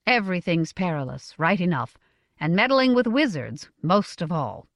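A woman's voice: lowish voice, sing-song, moderate pace, dry recording. A woman voicing a practical village witch woman in an audiobook, dry and down-to-earth. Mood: grim. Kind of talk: audiobook character voice.

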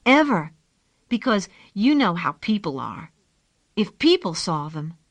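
A woman voicing a protective twelve-year-old boy in a storybook reading, hushed and fierce. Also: on the low side, big pitch swings, a little slow, no echo, exaggerated voice.

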